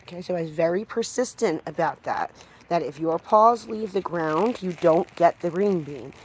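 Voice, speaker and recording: A dog trainer with a low, deep-set, husky voice and a darkish tone gives an animated hands-on demonstration at normal speed. She explains steadily, cutting in with short, firm commands directed at the dog.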